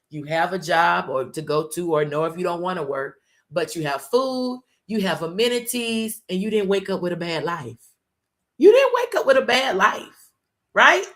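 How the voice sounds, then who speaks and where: A woman host giving an informal motivational talk, repeating phrases and slowing down for emphasis. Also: lowish voice. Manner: informal, uses y'all and ain't.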